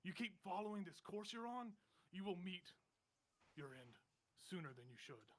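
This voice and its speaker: A man puts on a chilling stranger in sailor's clothes who speaks with cold contempt and open threat. The voice sits a little higher than an average man's, and every line drips with menace in a tabletop game. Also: very animated, moderate pace, exaggerated voice. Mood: threatening.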